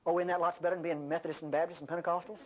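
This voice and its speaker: An older woman preaching a sermon, with an animated delivery and folksy asides. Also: lowish voice, racing, crowd noise. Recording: dull lo-fi sermon recording.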